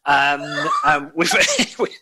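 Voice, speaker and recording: Man, band member, animated and rambling, bright tone, slightly high pitch. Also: slow pace. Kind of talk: casual interview chat.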